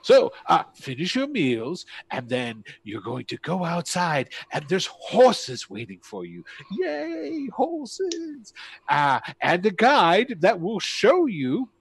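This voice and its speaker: Man voicing a smug, menacing lord, theatrical, lively swings in pitch, dry sound. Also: slow pace, creaky, slightly rough, no echo, heavily acted. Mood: falsely cheerful. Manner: theatrical, falsely cheerful, menacing. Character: scheming male lord demanding souls.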